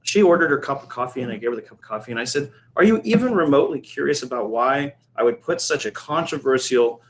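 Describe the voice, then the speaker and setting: A man's voice: mid-range voice, animated, fast talker, poor audio. Middle-aged man telling a long story. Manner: rambling anecdotal storyteller, many restarts and fillers. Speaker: coffee shop owner and podcast host. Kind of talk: casual storytelling chat.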